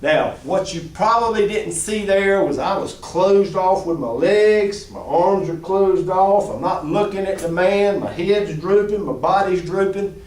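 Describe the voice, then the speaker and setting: A middle-aged man leads a job-skills class, animated and expressive, his fairly high voice swinging up and down. He sounds a little distant from the mic, in a large, echoey room. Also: measured pace. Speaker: reentry job-skills teacher.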